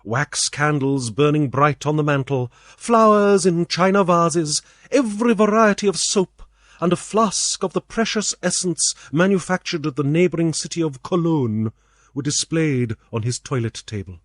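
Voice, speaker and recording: A British man narrating an old tale in a measured, expressive reading. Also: on the high side, no room sound, studio quality. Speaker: audiobook reader. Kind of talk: storybook narration.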